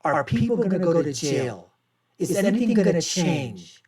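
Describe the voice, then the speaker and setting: A man's voice: a little high, sing-song, moderate pace, darkish tone. A man hosting a commentary show who rants in a mocking, indignant way and repeats his insults. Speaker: show host. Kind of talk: ranting video commentary. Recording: echoey room, mic set far off.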